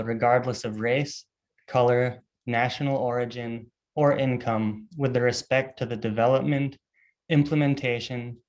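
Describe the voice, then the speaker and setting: Young male student moderator; careful, measured delivery of prepared text, a few ums; mid-range voice. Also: medium pitch, low-quality recording. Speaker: student group officer, moderator. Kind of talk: reading definitions at a webinar.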